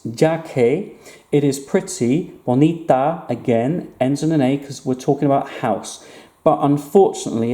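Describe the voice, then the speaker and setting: Male language teacher, patient and clear, mellow tone, roomy echo. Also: medium pitch. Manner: clear, patient explaining with slow repeated words. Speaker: Spanish teacher. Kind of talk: online language lesson.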